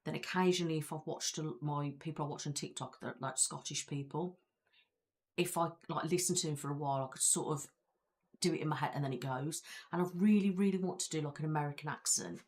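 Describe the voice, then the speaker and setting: A woman from Belfast, Northern Ireland, hosts an ASMR live stream, rambling casually to viewers with frequent fillers in her local accent. Her low-pitched voice is a little mellow and quick.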